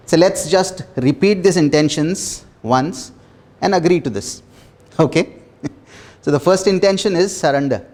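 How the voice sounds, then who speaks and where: A man leading a small self-development workshop, talking earnestly with repeated phrases and soft laughs. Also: a little high, expressive, normal speed. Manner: earnest, repetitive, laughs softly between phrases. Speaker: workshop facilitator. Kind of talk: motivational workshop talk.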